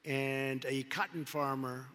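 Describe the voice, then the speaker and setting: A man's voice: mid-range voice, steady tone, slow, pushed and bright. A man giving a rally speech as a politician, rambling and repeating himself, piling on superlatives. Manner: rambling, repetitive, heavy on superlatives. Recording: long reverb of a large hall.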